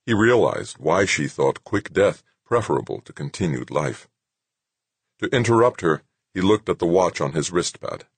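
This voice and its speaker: A man reading a science fiction novel aloud in measured scripted narration, close to the mic. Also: low-pitched, sing-song, husky, dry recording. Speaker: audiobook narrator.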